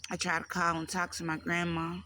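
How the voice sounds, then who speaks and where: A woman telling her life story to camera, in a halting, emotional way with pauses. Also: lowish voice, completely flat delivery, pushed and bright, a little hiss or hum.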